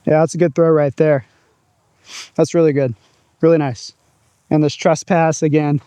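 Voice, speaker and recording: A man's voice: fairly high pitch, flat delivery, normal speed, dark tone, clear, resonant tone, dry recording. Upbeat man narrating throws outdoors. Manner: upbeat, chatty, narrating his own throws. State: out of breath at times. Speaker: disc golf vlogger. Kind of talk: casual outdoor vlog commentary. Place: open field outdoors.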